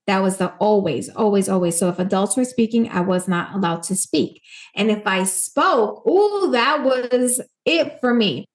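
A woman's voice: medium pitch, expressive, unhurried. A woman from Puerto Rico, an author talking earnestly and with emphasis in a casual interview. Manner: earnest, emphatic, acts out quoted voices. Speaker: author and guest.

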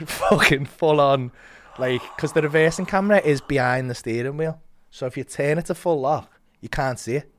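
A man's voice: fairly high pitch, normal speed, few pauses, a little hiss or hum. A young man tells a comic story on a podcast. He swears freely and laughs as he goes. He acts out the voices of the people in it. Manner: animated, swearing, laughing, acting out other voices.

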